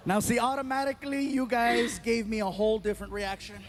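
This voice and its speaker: A male stand-up comedian telling a story on stage, animated and acting out the voices of the people in it. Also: very high voice, brisk, slight background noise.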